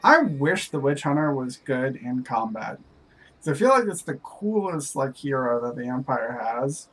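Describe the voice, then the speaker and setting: A man's voice: mid-range voice, very animated, normal speed, fairly bright tone, husky, rough recording. Chatty man narrating his strategy game. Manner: chatty, rambling, many "like" fillers. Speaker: co-op game player. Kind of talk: casual chat while gaming.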